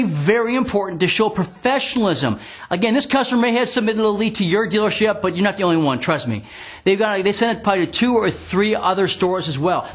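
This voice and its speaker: A man giving a training lecture on phone sales, emphatic and repeating key points, acting out sample calls. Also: high voice. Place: green screen studio.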